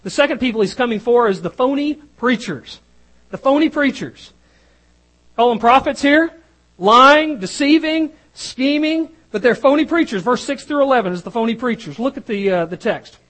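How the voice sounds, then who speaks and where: A preacher delivering an emphatic sermon, moving between loud stresses and hushed lines. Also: mid-range voice, expressive, moderate pace, low-quality recording.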